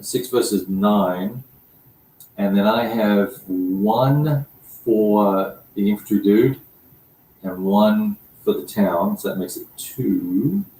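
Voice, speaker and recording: A man with a fairly low voice plays a tabletop wargame with a friend, working through the rules aloud with halting pauses and fillers. He sounds like he is in an echoey room, with a faint hiss of background noise behind him. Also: darkish tone. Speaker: board game player, co-host. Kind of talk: casual chat over a wargame.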